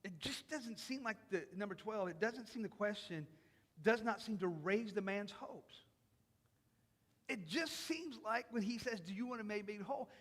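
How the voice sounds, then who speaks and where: A man preaching a sermon in a church, acting out imagined voices and rising into loud, emphatic passages. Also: high voice, animated, normal speed. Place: church sanctuary. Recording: long hall reverb.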